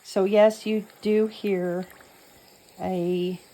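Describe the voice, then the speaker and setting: In a low-quality recording, a cooking vlogger with a medium-pitched, dark voice draws out her words in a level tone. Her casual, rambling kitchen talk is full of fillers and restarts, delivered in a Southern US accent from a New Mexico birth and a mostly Texas upbringing.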